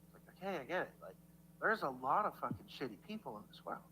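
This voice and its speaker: A man's voice: mid-range voice, big pitch swings, quick pace, pushed and bright, a little hiss or hum, low-quality recording. A man ranting in a rambling way, stammering through restarts and swearing heavily while he philosophizes at his viewers. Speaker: livestreamer in played clips. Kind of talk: rambling profane rant.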